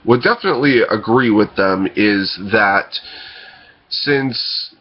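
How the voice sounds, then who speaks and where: A man hosting casual film news commentary, rambling and hesitant, often pausing on fillers and correcting himself. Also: fairly low pitch, highs cut off. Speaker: podcast host.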